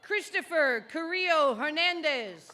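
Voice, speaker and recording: A woman announcing graduates' names at an outdoor graduation ceremony, calling each one out slowly and loudly. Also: high voice, expressive, a faint crowd. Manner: slow, loud, deliberate name calling.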